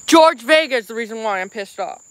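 A woman's voice: a little high, animated, a little fast, fairly bright tone, no echo. Upset woman venting on a livestream. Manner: angry venting, repeated apologies. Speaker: live streamer. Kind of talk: casual livestream chat.

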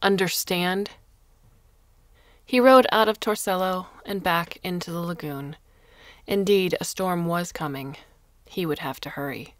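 A woman narrating a short story in a measured storytelling manner into a close mic. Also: on the low side, no room sound. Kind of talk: scripted narration.

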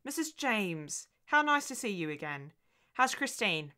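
A woman's voice: medium pitch, big pitch swings, a little slow, pushed and bright, voice pushed up. A woman reading the lines of an older woman, a kindly, polite head of an agency.

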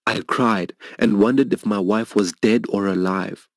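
A middle-aged man preaches with a steady tone and a little slow pace, with no room sound in the recording. He gives an earnest, emotional personal testimony, voicing other people's lines at a higher pitch.

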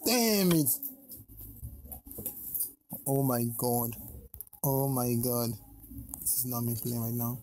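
A man hosting a gaming video, giving excited gameplay commentary and exclaiming a lot. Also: mid-range voice, measured pace, pauses often, faint music behind, low-quality recording.

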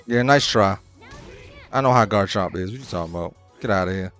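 A young adult man commenting on his own ranked matches, swearing often and breaking into loud, exasperated outbursts. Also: lowish voice, brisk, faint music behind. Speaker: gaming channel host.

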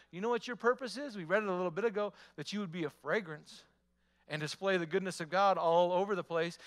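A man's voice: high voice, fairly bright tone. A male pastor preaching a sermon, emphatic, repeating phrases and asking the congregation rhetorical questions.

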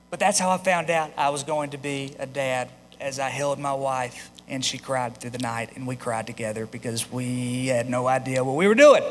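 A man's voice: mid-range voice, normal speed, hardly any pauses, fairly bright tone. A man in his thirties, a pastor telling a personal story in a sermon, conversational with frequent restarts. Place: church sanctuary. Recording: long reverb of a large hall.

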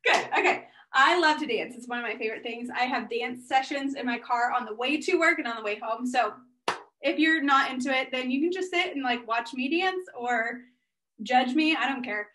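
A woman with a high, bright speaking voice gives an energetic workshop talk as a guest speaker. She sounds upbeat and chatty and keeps encouraging the audience she addresses. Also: moderate pace, slight background noise. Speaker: guest speaker and business owner.

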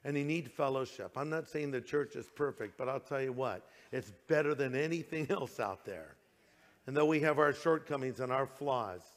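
Man preaching in an echoing hall. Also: medium pitch. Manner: conversational preaching, acts out quoted voices. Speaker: pastor. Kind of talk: sermon.

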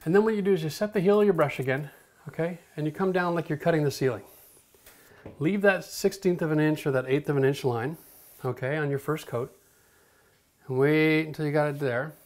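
A middle-aged man teaching a hands-on painting lesson in an energetic, coaching way, checking in often with "okay?". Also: on the high side, brisk. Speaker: home renovation instructor.

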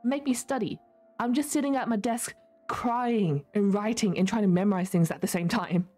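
A woman's voice: medium pitch, normal speed, darkish tone, soft background music. A young woman streaming, chatting casually with her viewers while she plays, laughing often. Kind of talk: casual chat while gaming.

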